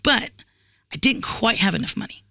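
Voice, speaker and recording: A woman in her forties telling a story on a podcast in casual, animated, profane talk, acting out what others said. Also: fairly high pitch, moderate pace, creaky, dry recording, studio quality. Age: 40s. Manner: animated, profane, acts out quotes. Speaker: guest.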